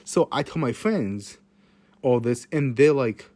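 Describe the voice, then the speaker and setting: Speaking slowly in a mellow, medium-pitched voice with lively intonation, a teenage boy tells a meandering story poking fun at his own life. The casual monologue is full of swearing and restarted sentences, and the recording is dry.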